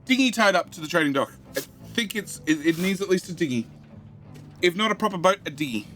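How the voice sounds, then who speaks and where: An Australian man live-streaming a game, his voice sitting a little high and sounding bright and forceful. He rambles along, repeats phrases and drops into low mutters while he works, with faint music playing behind him. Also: expressive, brisk. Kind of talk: casual live-stream commentary, answering chat.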